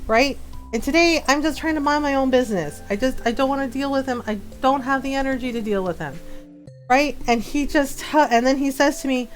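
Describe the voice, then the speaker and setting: A woman's voice: sits high, fairly quick, soft background music. Heated, emphatic woman streamer. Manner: heated, emphatic, repeats herself. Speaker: livestream gamer host. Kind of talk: casual livestream chat.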